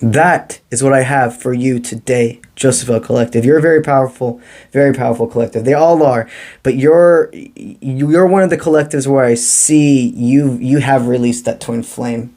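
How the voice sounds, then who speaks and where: A man delivers a spiritual tarot reading, calm and encouraging in a mystical way. His voice is mellow and warm, at an ordinary male pitch. He drops in casual slang between the spiritual advice. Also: moderate pace. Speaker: tarot reader.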